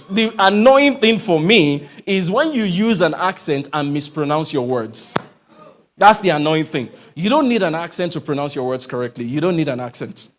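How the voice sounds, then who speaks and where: A man giving an emphatic live talk to a church audience, often asking rhetorical questions. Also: on the high side. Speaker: motivational speaker.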